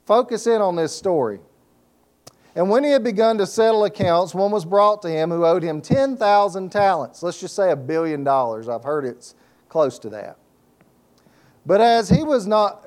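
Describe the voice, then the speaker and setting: A pastor preaching a sermon, reading scripture aloud and breaking off for folksy asides and call-and-response questions. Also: male voice, a little high, a little mellow.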